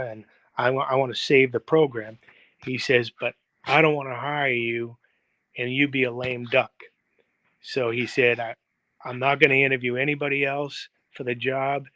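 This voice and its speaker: Interviewed over a video call livestream, an American football coach in his seventies rambles through long anecdotes, dropping in fillers and acting out quoted dialogue. His mid-range voice has a sharp tone. The recording has no echo but is low quality.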